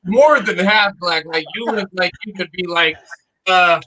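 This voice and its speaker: A man's voice: high voice, measured pace, sharp tone, poor audio. A man joking with crude slang in a casual group voice chat.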